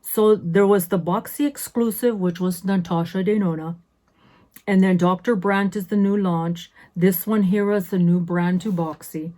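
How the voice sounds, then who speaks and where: This beauty vlogger, also in her fifties, has a lowish, dark voice that stays steady and unhurried. Chatting casually through an unboxing, she comes across as sassy, constantly cutting in on herself with side remarks.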